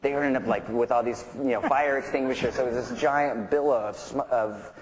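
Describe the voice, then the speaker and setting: A man sits for an onstage interview and tells his stories loosely, circling back with fillers and restarts. His voice sits at an ordinary pitch for a man. A faint ambient hum of the room runs underneath. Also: brisk, rough recording. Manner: rambling, full of fillers and restarts, laughing through stories. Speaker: interview guest, rock musician. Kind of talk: casual storytelling interview.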